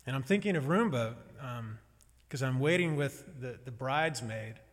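A male pastor delivers his sermon in a conversational, wry and reflective manner. His voice sits at a middle pitch, and a long hall reverb trails each phrase.

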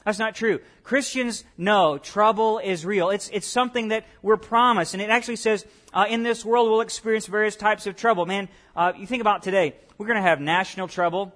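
High-voiced man preaching a sermon. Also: brisk, hardly any pauses, a bit bright. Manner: conversational, repeats words, asks questions of the congregation. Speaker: pastor.

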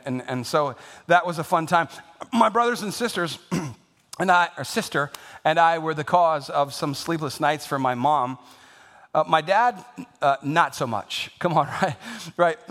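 A middle-aged man preaching a Mother's Day sermon in a self-deprecating, joking way, halting often with fillers. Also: on the high side, fairly bright tone, big-room sound. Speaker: pastor.

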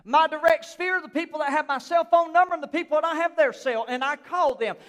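A man, a pastor preaching a sermon in a church, swinging from quiet talk to shouted emphasis. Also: very high voice, fairly quick, in a large hall. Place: church sanctuary.

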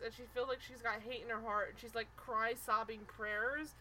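Bright-voiced woman, animated recap chat. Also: a little high, moderate pace, hardly any pauses, a little hiss or hum, rough recording. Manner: animated, swearing, mimics people she discusses. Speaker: podcast co-host.

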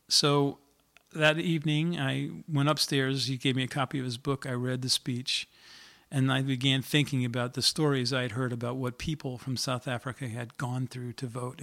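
A middle-aged man speaks in a flat, even tone, earnest and reflective. He pauses now and then with small fillers as he tells his story, like a singer-songwriter talking between songs. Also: medium pitch, gravelly. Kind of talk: spoken story about writing a song.

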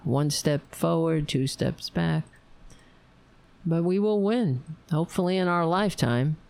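Tired woman with a gravelly voice. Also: deep voice, measured pace, a little mellow, dry recording. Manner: rambling, emotional, talks to viewers. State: overtired. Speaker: livestream host. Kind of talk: casual late-night livestream sign-off.

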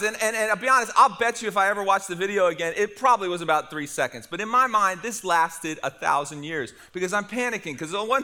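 Bright-voiced, animated preaching man. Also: high-pitched. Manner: animated storytelling with humor. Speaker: pastor. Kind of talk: sermon.

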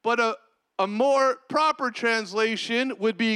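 A man preaching a sermon as a pastor, with long pauses and sudden drops to a soft voice. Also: extremely high pitch, clean tone.

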